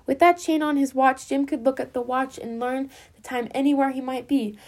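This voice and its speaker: A woman reading a classic story aloud as a storyteller, gently addressing her listeners as friends. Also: sits high, steady tone, moderate pace.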